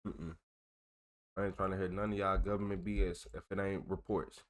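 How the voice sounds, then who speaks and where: A man with a fairly low voice reads old reports aloud as a channel host. He stumbles on the longer words, corrects himself, and slips into loose, slangy joking between passages. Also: little pitch movement, a little fast. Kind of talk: casual commentary while reading documents aloud.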